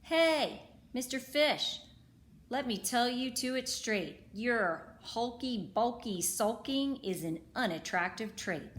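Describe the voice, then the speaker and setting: A woman voicing a blunt, bossy male octopus in a loud, emphatic voice. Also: a little high, expressive, takes it slowly, pitched above the performer's own voice.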